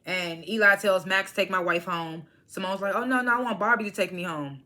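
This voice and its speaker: Casual, bright-voiced woman recapping a show. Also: mid-range voice, a little fast. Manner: animated retelling, acts out characters' lines, frequent laughs. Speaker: TV episode reviewer.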